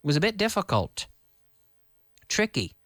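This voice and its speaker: A man's voice: high voice, huge pitch swings, moderate pace, fairly bright tone, dry recording, studio quality. A man teaching a live online English lesson, explaining with repeated example sentences, glossing words in Spanish and answering viewer comments.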